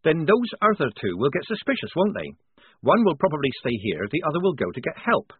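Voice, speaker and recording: A man voicing a practical young woman soldier who talks in an earnest, hushed way, on a narrow phone-like recording. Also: fairly high pitch, wildly swooping pitch, fairly quick, breathy edge, dry recording, voice pushed up, full character voice. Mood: wary.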